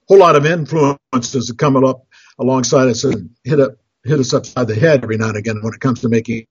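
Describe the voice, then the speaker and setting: A financial counselor with a very husky, breathy, medium-pitched voice tells stories about budgeting at a brisk pace, rambling, restarting phrases, and chuckling at his own tales. The recording is dry and close, with no echo and a dull lo-fi sound.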